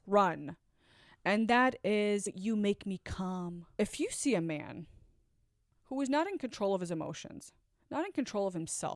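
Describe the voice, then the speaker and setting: A woman in her forties telling her own story earnestly, swinging from loud urgency to hushed asides. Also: medium pitch, dry recording, studio quality. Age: 40s. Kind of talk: confessional storytelling.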